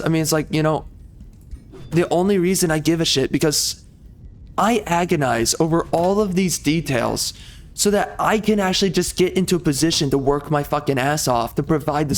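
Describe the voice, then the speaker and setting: A male gaming YouTuber delivering an angry, heavily profane rant in a blunt, exasperated way. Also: fairly high pitch.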